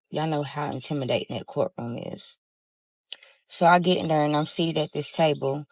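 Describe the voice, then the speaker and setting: A woman's voice: low-pitched, no echo. A young woman recounting her own story time, talking animatedly and addressing listeners as y'all.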